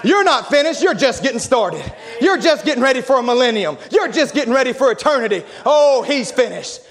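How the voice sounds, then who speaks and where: A man preaching in a church, building to impassioned shouted climaxes, with music and a congregation heard behind him. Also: very high voice, big pitch swings, fairly quick. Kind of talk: sermon.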